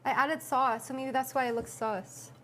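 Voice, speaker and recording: A woman's voice: sits high, fairly even intonation, moderate pace, fairly bright tone, slight background noise. A woman streamer chatting casually and teasing her friend while cooking in a home kitchen.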